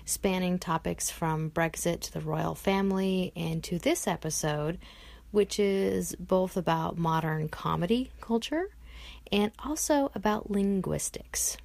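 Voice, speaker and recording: A woman hosting a travel podcast, introducing the episode in an upbeat, deliberate way. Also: on the low side, creaky, darkish tone, dry recording. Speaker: podcast host.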